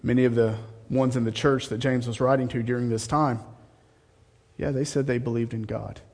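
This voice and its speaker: A man's voice: fairly even intonation, normal speed, a little mellow. Preaching man in a reverberant hall. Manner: rises to a high mocking voice for sarcasm. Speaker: pastor. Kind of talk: sermon.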